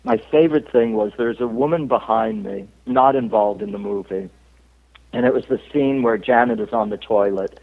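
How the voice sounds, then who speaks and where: A man's voice: mid-range voice, moderate pace, creaky. A man from the United States, an actor being interviewed, telling rambling anecdotes with frequent chuckles. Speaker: actor guest. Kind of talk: casual interview chat. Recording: tinny phone line.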